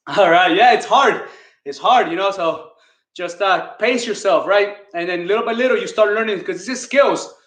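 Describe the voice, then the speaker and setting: A man's voice: high voice, normal speed, a bit bright, echoey room. A man leading a live online kettlebell class, counting reps and giving coaching cues while out of breath. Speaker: fitness coach.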